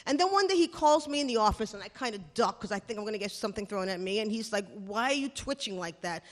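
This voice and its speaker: A woman telling a funny personal story live on stage, animated and sarcastic as she acts out the scenes. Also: mid-range voice, very fast, in a large hall. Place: small stage venue.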